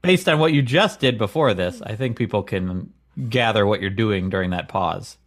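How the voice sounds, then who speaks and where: Man, podcast co-host, straight man, halting, bemused. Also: lowish voice. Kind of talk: improvised comedy podcast banter.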